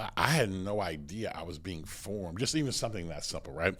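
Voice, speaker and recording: An American man who is a pastor and podcast host, telling stories in an energetic, conversational way with many restarts. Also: low voice, a little fast, hardly any pauses, husky. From United States.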